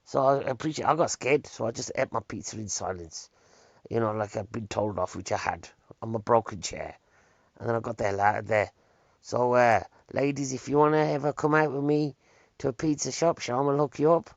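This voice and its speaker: A man rambles through comic anecdotes, dropping wry deadpan asides and rhetorical questions. His voice is gravelly and sits mid-range. The recording is dull, lo-fi and dry. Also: medium pitch, brisk, dry recording. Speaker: comedian. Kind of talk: rambling comic storytelling monologue.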